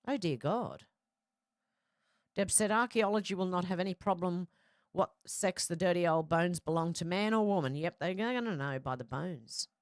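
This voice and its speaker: A woman's voice: lowish voice, normal speed, no echo, studio quality. A middle-aged woman hosting a casual live chat, reading viewer comments aloud and reacting with frequent laughs. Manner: chatty, laughs often, reads comments aloud.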